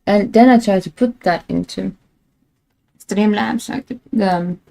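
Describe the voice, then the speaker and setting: A woman's voice: medium pitch, measured pace, vocal fry, mellow, rough recording. A woman streamer chatting casually and rambling, laughing at herself while frustrated with her stream setup. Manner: rambling, self-mocking, laughs often; frustrated with tech. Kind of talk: casual live-stream chat.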